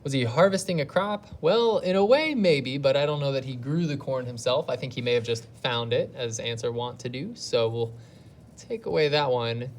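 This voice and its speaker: A woman's voice: extremely low pitch, expressive, normal speed, a little hiss or hum. A woman teacher giving a recorded reading lesson to young pupils at home. She talks patiently and thinks aloud step by step. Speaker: elementary school teacher.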